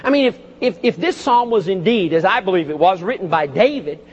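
A man preaching from the pulpit, his voice unusually high and husky. He rises and falls with lively emphasis and drops in folksy asides. The sound is dull, and a long church echo trails each phrase. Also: a little fast. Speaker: pastor. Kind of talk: sermon. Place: church sanctuary.

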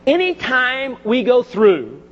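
A pastor preaching a sermon, with lively emphasis and folksy asides, recorded in a church. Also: male voice, very high-pitched, takes it slowly. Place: church sanctuary. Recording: dull audio with long church reverb.

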